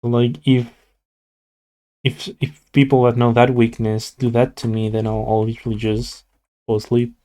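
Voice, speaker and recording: With a completely flat delivery, a warm tone and medium pitch, a young man talks at normal speed. He's drowsy and yawning, streaming while he draws and casually chatting with viewers, rambling with many "like" fillers and restarts.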